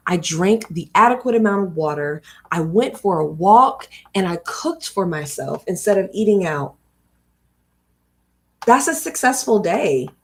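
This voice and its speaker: A woman hosting a livestream where she reads a book aloud and breaks off for chatty personal asides. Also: mid-range voice. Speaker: host reading books aloud on a livestream. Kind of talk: reading aloud with casual commentary.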